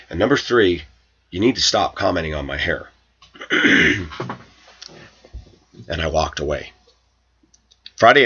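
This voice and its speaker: A man's voice: sits low, pushed and bright, slightly rough, highs cut off. A man vlogging to his viewers, telling an aggrieved story about a coworker, quoting her and himself with indignation. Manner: aggrieved, indignant, quotes others in raised voice. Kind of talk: personal storytelling rant to camera.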